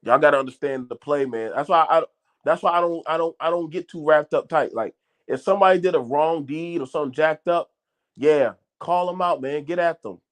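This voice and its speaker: Blunt stammering man with a raised pitch. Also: a little fast. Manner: blunt, swearing, repeats himself and stammers on restarts. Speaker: channel host. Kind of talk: unscripted commentary to viewers.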